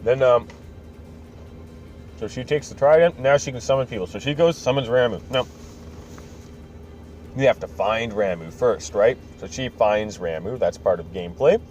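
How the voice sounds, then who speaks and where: Faint music plays behind a podcast host as he casually retells a video game's story, rambling and joking with many fillers and acting out the dialogue. His voice is medium-pitched and darkish, at normal speed with long pauses.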